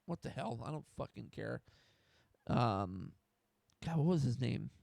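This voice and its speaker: A man's voice: mid-range voice, expressive, measured pace, creaky, darkish tone, dry recording. A young man from the United States hosting a solo sports talk stream, getting fired up, swearing and restarting his sentences. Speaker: host.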